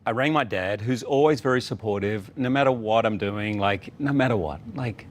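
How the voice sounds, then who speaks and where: A man with an Australian accent, a guest in a casual interview, telling a story with lively acted quotes. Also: fairly low pitch, normal speed, hardly any pauses, a little hiss or hum. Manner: animated storyteller, acts out quotes. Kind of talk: casual chat.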